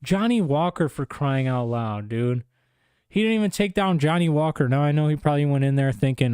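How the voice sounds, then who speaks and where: An exasperated young man ranting in a casual vlog, full of disbelief and tossing in "bro" again and again. His voice sits a bit high and comes across smooth and clear. The sound is dry and close. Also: animated, brisk, darkish tone, dry recording. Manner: exasperated, incredulous, says "bro" a lot. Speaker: MMA commentator. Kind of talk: casual opinion rant.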